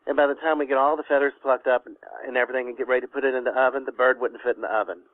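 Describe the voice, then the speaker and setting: A man's voice: mid-range voice, little pitch movement, racing, no room sound. Southern kentucky guy calling in, folksy rambling story, dry thin phone sound. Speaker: caller. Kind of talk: folksy storytelling on a call-in show. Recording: dry, tinny phone line.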